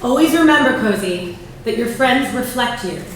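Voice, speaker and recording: A woman in her forties gives a proud, prepared speech to her daughter, with a fairly high voice. She speaks in a large banquet room, and the sound is very echoey and picked up from a distance. A faint room hum sits underneath. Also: expressive, moderate pace. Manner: warm, proud, reading from notes. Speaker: mother giving a speech. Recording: echoey hall from far off.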